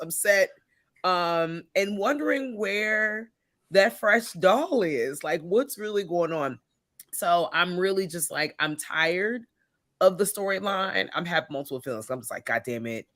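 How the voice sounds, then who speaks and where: A woman co-hosting a casual podcast chat, animated and swearing freely with lots of laughter. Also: fairly low pitch, no room sound, studio quality. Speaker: podcast co-host.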